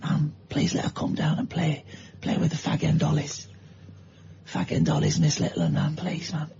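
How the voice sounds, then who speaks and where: A man's voice: fairly high pitch, measured pace, highs cut off, noisy background, close to an everyday voice. A man putting on the voice of a poor nine-year-old mill child, begging his mam over and over. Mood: pleading. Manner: whiny, repetitive begging.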